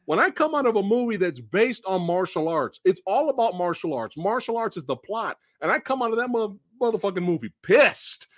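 A man hosting a film podcast who rants with big, emphatic energy and breaks into shouts. His pitch leaps all over the place. The recording sounds dry and close. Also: brisk, hardly any pauses, no echo. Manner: loud profane ranting, bursts of shouting; animated, emphatic delivery. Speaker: podcast host. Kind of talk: movie review podcast chat.

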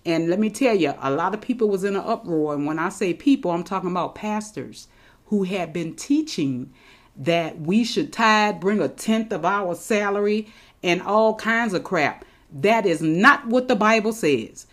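A woman's voice: mid-range voice, lively intonation, normal speed. A woman preaching a sermon in an emphatic, conversational way, repeating points for stress.

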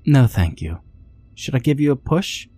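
A sad, ghostly little girl, as a male narrator puts her on, speaking softly in a high, lifted voice that seems to come from far away. She sounds small and gentle in this spooky storybook tale. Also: very animated, moderate pace, slightly rough, soft background music. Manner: soft, distant-sounding voice.

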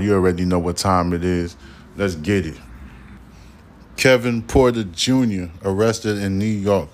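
A man with a lowish voice hosting a casual news podcast. He talks in a loose, street-style way, full of profanity, and keeps circling back to the same point. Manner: loose, profane, acts out imagined dialogue. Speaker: podcast host.

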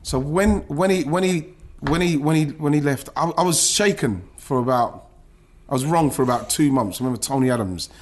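A man's voice: a little high, normal speed, hardly any pauses. A man, a former footballer, recounting his career in an emotional podcast interview, with many restarts and some swearing.

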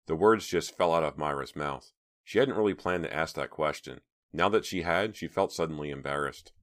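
A man narrating an audiobook in an even, measured storytelling manner. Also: very deep voice.

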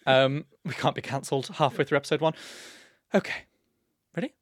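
A man's voice: mid-range voice, brisk, no echo, studio quality. A young man co-hosting a comedy podcast in a camp, theatrical manner, reading listener letters aloud with cheeky asides. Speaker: podcast co-host. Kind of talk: casual comedic chat.

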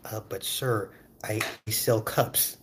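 A man's voice: fairly low pitch, steady tone, slow pace, breathy edge, heavily acted. A man playing a timid customer service representative who stammers and sounds apologetic. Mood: flustered. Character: timid male customer service rep, flustered.

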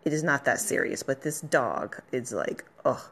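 With a very low, expressive voice that has a breathy edge, a woman talks at normal speed on her own podcast. She's at her workplace with a dog barking nearby, offering casual, emotional encouragement and rambling a little along the way.

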